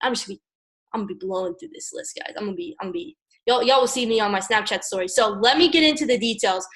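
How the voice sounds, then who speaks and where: A young woman from Maryland giving an energetic motivational coaching talk, repeating "guys" and "okay" and acting out phone calls. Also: mid-range voice, very fast, low-quality recording. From Maryland, USA. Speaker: network marketing team leader.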